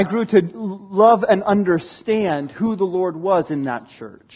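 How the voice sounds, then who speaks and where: A man preaching a sermon, telling a story with animated delivery, dramatic slowdowns and hushed asides. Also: high voice, breathy edge, lo-fi sound. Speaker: pastor.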